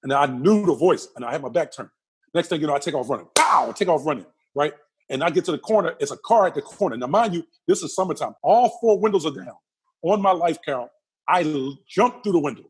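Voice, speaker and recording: A man's voice: on the high side, expressive, fast, slight background noise. A middle-aged man, a guest in a casual interview, telling vivid stories full of repeated phrases and acted-out voices. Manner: vivid, repeats phrases, acts out the people in his story. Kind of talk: animated storytelling in a casual interview.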